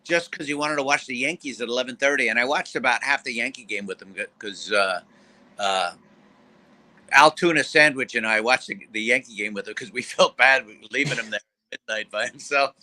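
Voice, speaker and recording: A man co-hosting a sports call-in show, chatting casually and telling stories with lively impressions of other people. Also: medium pitch, a little fast, poor audio. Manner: storytelling with lively mimicry of others. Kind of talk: casual chat.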